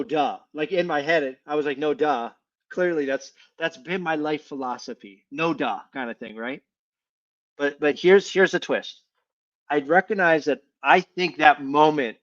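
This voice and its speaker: A man's voice: fairly high pitch, fairly bright tone. Earnest man telling a story, muffled audio. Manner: earnest, repeats words when restarting. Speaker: panel guest. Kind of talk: casual panel talk, storytelling.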